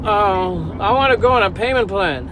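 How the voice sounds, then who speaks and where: A man's voice: high-pitched, animated, normal speed, noisy background. A man on a phone call, playing dumb and mockingly confronting the caller. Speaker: YouTuber taking a scam call.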